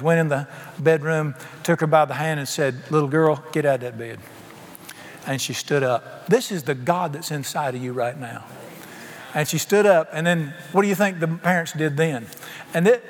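Animated folksy preacher in a reverberant hall. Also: male voice. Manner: folksy, animated storytelling with sudden pitch jumps. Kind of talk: sermon. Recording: reverberant hall with faint ambience.

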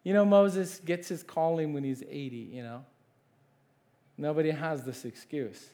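A man preaching a sermon as pastor, conversational and animated, asking the congregation questions and acting out biblical characters. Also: on the high side, measured pace. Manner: animated, acts out voices of Moses and God.

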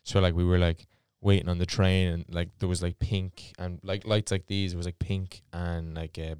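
A young Dublin man telling a rambling story in casual chat, swearing a lot and shouting out quotes now and then. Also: low-pitched, level tone, normal speed, smooth, dry recording, clean studio sound. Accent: Dublin Irish.

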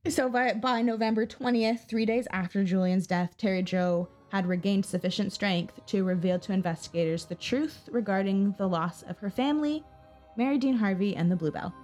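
A woman's voice: mid-range voice, moderate pace, darkish tone, soft background music. A woman co-hosting a podcast, telling a true-crime story in a casual, chatty way. She swears freely and acts out the people she quotes. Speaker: podcast co-host.

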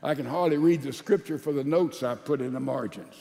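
A man, a pastor, preaching a sermon with emphatic swings between loud and soft delivery. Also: medium pitch, brisk, creaky, in a large hall.

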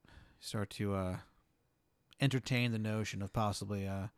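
A man's voice: fairly low pitch, steady tone, normal speed, clear, resonant tone, no room sound. A man in casual chat who tells a playful, absurd hypothetical story.

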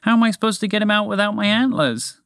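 A man's voice: high voice, quick pace, vocal fry, a bit bright, clear, resonant tone, no room sound, clean studio sound, voice pushed up. A man voicing a big, clumsy male moose who frets and gets upset easily, for a spoken storybook. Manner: fretful, emotional.

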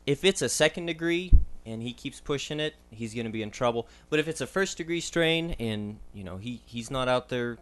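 Man, young adult, medical contributor, casual podcast chat, measured explanations, filler words. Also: medium pitch, animated, a bit bright, clean tone. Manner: measured, explanatory, with frequent ums and uhs.

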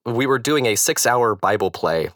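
A man in his thirties, a stage actor and guest, telling a story casually with lots of fillers and restarts in a naturally low voice. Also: expressive, normal speed, fairly bright tone, dry recording, clean studio sound. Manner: rambling, hesitant, many fillers and restarts.

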